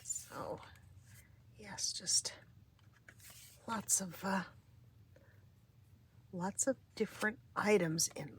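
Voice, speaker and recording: A middle-aged woman with a weak, craggy voice, chatting casually and softly, often half-whispering, as she flips through a craft journal at home. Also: mid-range voice, very slow, long pauses, slight background noise. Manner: relaxed and meandering, with many fillers and restarts. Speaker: craft vlogger. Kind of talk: casual chat during a journal flip-through.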